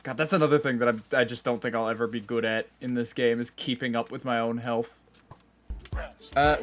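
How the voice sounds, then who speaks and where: A man's voice: medium pitch, a little hiss or hum. A man streaming a game live, talking casually and joking at himself with frequent laughs, keyboard typing behind him. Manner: chatty, self-mocking, laughs often.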